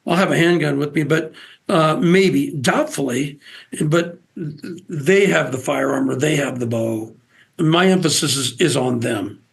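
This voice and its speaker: Guy from nebraska telling stories, kinda high voice w lots of gravel, keeps restarting sentences. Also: unhurried. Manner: animated, with many restarts and repeated words. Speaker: interview guest, outdoors TV host. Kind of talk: casual storytelling chat.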